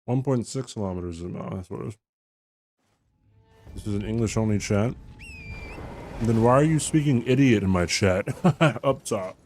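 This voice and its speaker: A man's voice: fairly low pitch, moderate pace, long pauses, darkish tone. A man streaming a game live, joking and chatting casually while reading chat aloud.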